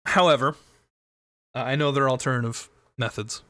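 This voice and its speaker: A man's voice: mid-range voice, fairly even intonation, moderate pace, a bit bright, dry recording, clean studio sound. A young man giving joking, rambling gameplay commentary as a streamer, swearing freely. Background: game music.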